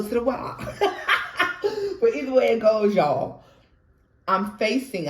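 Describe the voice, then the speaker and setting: A young woman telling her own ghost story in an animated, chatty way, talking straight to viewers and laughing often. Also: fairly low pitch. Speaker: tarot reader and storyteller. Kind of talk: casual storytime vlog. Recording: roomy echo.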